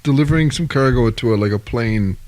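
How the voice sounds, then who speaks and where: A man co-hosting a podcast in casual chat, an animated storyteller who laughs a lot. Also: mid-range voice, brisk. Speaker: podcast co-host.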